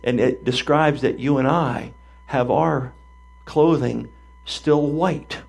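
Older male pastor, gravelly, animated storytelling sermon. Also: mid-range voice, slow pace. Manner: animated storytelling, acting out voices.

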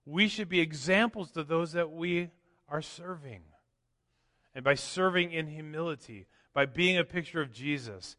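Male pastor preaching, bright voice, goes loud then quiet, long echo from the church hall. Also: on the high side, normal speed. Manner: swings from loud emphatic preaching to quiet asides. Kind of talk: sermon.

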